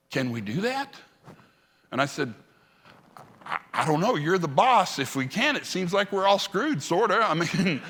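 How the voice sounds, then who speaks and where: Animated male keynote storyteller, bright voice. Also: a little high. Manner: humorous, animated storyteller acting out dialogue. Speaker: conference keynote speaker. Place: large conference hall. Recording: reverberant hall sound.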